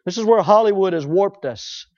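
A man preaches a sermon in a high voice, firing rhetorical questions at his listeners and voicing the excuses of imagined objectors. The recording sounds dull and lo-fi. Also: lively intonation, normal speed, a little mellow.

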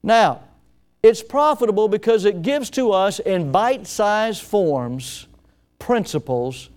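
A man's voice: high voice, animated, takes it slowly, a little mellow. A man preaching a sermon to his congregation, folksy and repetitive, asking them questions as he goes. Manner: folksy, repeats key phrases, asks the congregation questions. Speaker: pastor.

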